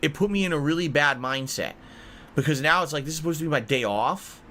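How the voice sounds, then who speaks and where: Bright-voiced man ranting angrily. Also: fairly high pitch, fast talker. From United States. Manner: angry, profane, repeats his points. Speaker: podcast host. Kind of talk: heated podcast rant.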